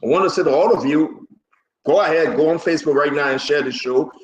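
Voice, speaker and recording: A man hosting a live political talk show, rambling and repetitive, now and then bursting into shouts. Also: fairly high pitch, fairly quick, roomy sound, lo-fi sound.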